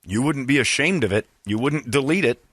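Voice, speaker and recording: A man's voice: medium pitch, lively intonation, brisk, a bit bright, no echo. A man co-hosting a podcast in casual chat, giving blunt, opinionated rants. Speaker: podcast co-host.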